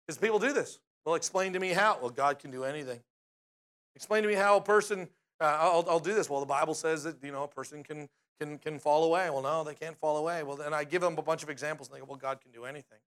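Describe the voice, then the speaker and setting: A middle-aged pastor with a slightly high, somewhat bright voice preaches conversationally. He often asks his listeners questions and tags his lines with "right?".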